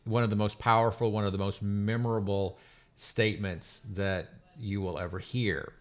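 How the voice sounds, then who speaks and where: A man's voice: lowish voice, steady tone, normal speed. A man co-hosting a podcast, a lawyer talking in casual conversation with frequent fillers. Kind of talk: casual professional chat.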